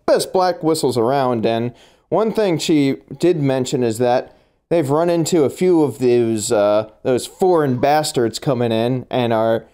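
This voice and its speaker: A man's voice: medium pitch, a little slow, warm tone, smooth, close to an everyday voice. A man voicing a proud, boastful veteran male cave delver. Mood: curious. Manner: boastful and curious.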